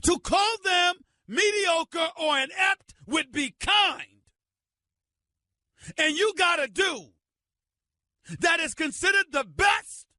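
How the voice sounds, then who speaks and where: A middle-aged man hosting a sports radio show, ranting loudly and emphatically into a studio microphone. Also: very high-pitched, expressive, slow, long pauses, no room sound. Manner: loud, emphatic, shouting tirade.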